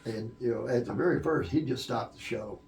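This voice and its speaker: Gravelly older man telling stories. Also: mid-range voice, a little fast, darkish tone. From Oak Cliff, Texas. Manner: rambling storyteller with many fillers and restarts, acting out quoted voices. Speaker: guest, music producer and live sound engineer. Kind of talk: long storytelling interview. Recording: roomy echo.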